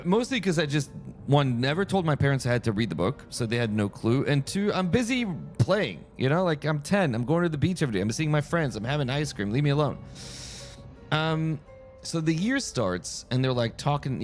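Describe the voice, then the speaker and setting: Brisk and lively in intonation, a mid-range French voice rambles through casual stories during a game stream, often cutting himself off to begin again. Soft music sits in the background.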